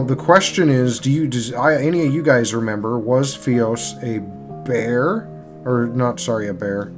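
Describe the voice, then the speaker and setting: A man narrating as game master in a live-streamed tabletop game, pausing and restarting while he works his game tools. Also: mid-range voice. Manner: halting, pauses while working the game tools. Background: faint guitar music.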